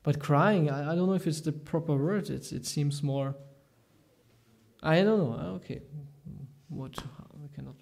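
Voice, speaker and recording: Guy teaching a scripture class, kinda high voice, halting and thinking out loud. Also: creaky. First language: German. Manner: halting, thinks aloud, searches for words. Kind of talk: reading scripture aloud with commentary.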